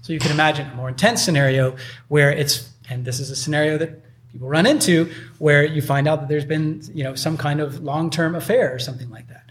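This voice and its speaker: A man's voice: on the high side, steady tone, a little fast, a little hiss or hum. A man preaching a sermon in a loose, conversational way, full of fillers. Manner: conversational, uses many filler likes. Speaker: pastor.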